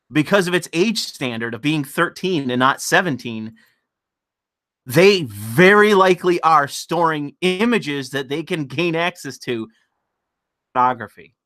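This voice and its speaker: A man's voice: on the high side, a bit bright. A man ranting sarcastically and with profanity on a live stream of political commentary, sometimes laughing at his own point.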